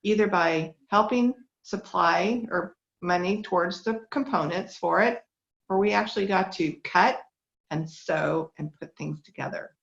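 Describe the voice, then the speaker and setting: A middle-aged woman with a fairly low, creaky voice and a measured pace shares a testimony. Her faith-based talk is heartfelt, earnest and emotional as she fights back tears, on a dull lo-fi recording.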